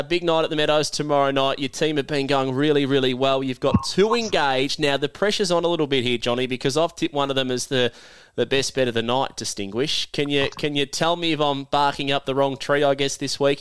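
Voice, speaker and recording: A man's voice: medium pitch, fairly even intonation, fairly quick, fairly bright tone, smooth, no echo. An Australian man hosting a podcast, teasing and laughing as he runs a quiz and chats with a guest, and feeling a bit unwell. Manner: jokey, teasing, laughs often. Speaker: podcast host. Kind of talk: casual chat and quiz hosting.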